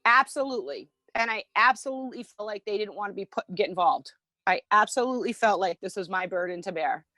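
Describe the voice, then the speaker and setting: A woman's voice: medium pitch, fast, pushed and bright, dry recording, poor audio. A woman being interviewed, recounting a personal ordeal in an earnest way, with frequent fillers. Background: music.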